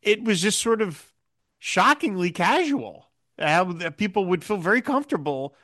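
A man with a bright, fairly high voice hosts a relaxed podcast chat. He recaps a TV episode and throws himself into the quoted lines. He laughs easily as he talks. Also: normal speed. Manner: animated, acts out quoted lines, laughs often. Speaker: podcast host.

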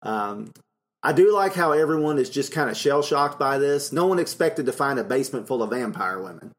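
A man's voice: medium pitch, animated, a little fast. A middle-aged man co-hosting a podcast, chatting casually and recapping film plots with frequent laughs. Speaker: podcast co-host.

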